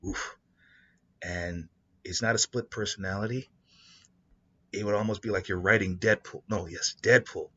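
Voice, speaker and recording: A man rambles through a story idea as host, often restarting his sentences. His voice is low and husky. The sound is dull and lo-fi. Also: normal speed, pauses often. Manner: rambling, animated, with many restarts. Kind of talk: casual spoken storytelling.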